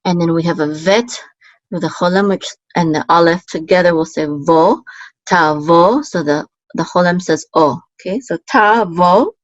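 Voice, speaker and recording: A woman teaching a relaxed online language lesson, explaining patiently and often checking in with "okay?". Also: on the low side, moderate pace, dry recording. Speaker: Biblical Hebrew teacher. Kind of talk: casual screen-share lesson. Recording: dull, dry lo-fi sound.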